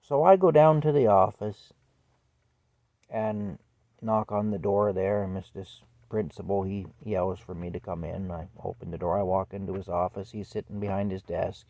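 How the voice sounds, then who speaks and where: Low, mellow man telling a memory. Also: fairly even intonation, moderate pace, dry recording. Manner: conversational and reflective, with soft laughs. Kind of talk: personal storytelling.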